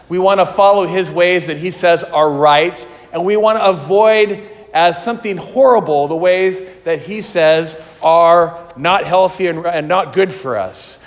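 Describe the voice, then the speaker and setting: A man's voice: fairly high pitch, long reverb tail. A man preaching a sermon in an earnest, questioning way. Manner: slow, earnest, questioning delivery.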